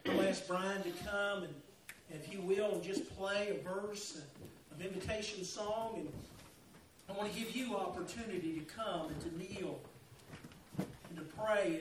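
A man's voice: sits high, a little slow, background noise. A man, a pastor, leading an altar call and a pleading prayer in a church, repeating his phrases fervently. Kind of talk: sermon invitation and prayer. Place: church sanctuary. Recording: echoey church, distant mic, loud guitar. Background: guitar playing.

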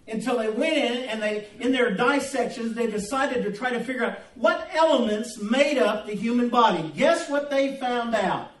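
High-voiced preacher in an echoey church. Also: male voice. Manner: folksy preaching with jokes and anecdotes. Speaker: pastor. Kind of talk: sermon. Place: church sanctuary. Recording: echoey room, distant mic.

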